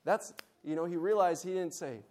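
A man's voice: sits high, moderate pace, darkish tone. A man speaking at a conference meeting, giving a Bible lesson and leading the audience in call and response. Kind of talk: Bible lesson with group exercise.

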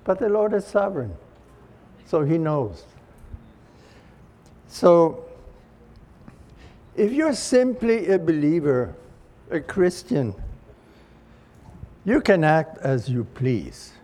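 Male preacher, slow measured sermon, slightly higher voice. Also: sing-song, dark tone. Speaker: church speaker.

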